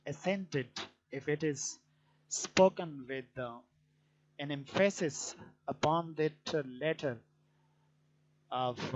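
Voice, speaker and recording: Man, teacher, very slow, hesitant fillers, muffled lo-fi sound. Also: on the high side. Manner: deliberate, with frequent hesitant fillers. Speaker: English teacher. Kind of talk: explanatory grammar lecture. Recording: dull lo-fi recording.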